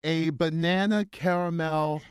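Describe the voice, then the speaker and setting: A woman's voice: deep voice, fairly even intonation, a little slow, clean tone, dry recording, clean studio sound. A woman co-hosting a podcast in a casual, playful chat, teasing her co-host and addressing listeners.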